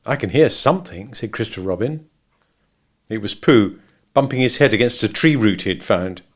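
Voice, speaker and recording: A man reading a children's storybook aloud in a lively, expressive way. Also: on the low side, normal speed.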